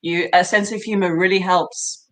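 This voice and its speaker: A British actress, appearing as an interview guest, chats animatedly with lots of fillers and laughter. Her voice is lowish and a bit bright, with fairly even intonation and a moderate pace.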